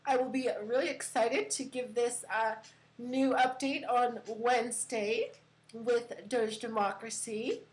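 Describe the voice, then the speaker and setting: A woman's voice: a little high, steady tone, measured pace, poor audio. A woman hosting a casual crypto live stream from her computer, chatty with many fillers and giggles.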